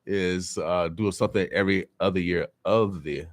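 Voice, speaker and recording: Brief: male morning-radio host, animated hype talk, low-ish voice, dry booth. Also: normal speed, dry recording. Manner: animated, hype community announcements.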